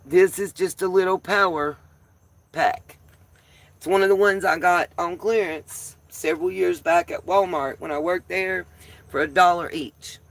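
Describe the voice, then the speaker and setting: A woman's voice: lowish voice, fairly even intonation, measured pace, no room sound. A woman with a Southern accent hosting a casual live stream, chatting with viewers in a folksy way and calling them y'all. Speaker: livestream host.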